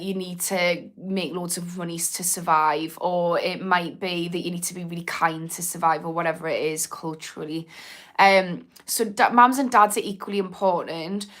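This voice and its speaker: A woman's voice: fairly low pitch, a bit bright. Woman, Geordie accent, young adult, casual livestream chat, rambling, frequent laughs. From Newcastle, England. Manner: chatty, rambling, laughs often, swears casually. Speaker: livestream host answering viewer comments.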